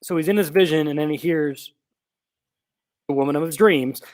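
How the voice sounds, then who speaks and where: A man co-hosting a podcast, chatting casually and retelling film scenes with lively acted-out quotes. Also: fairly high pitch, moderate pace, no room sound. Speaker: podcast co-host. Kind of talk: casual film recap chat.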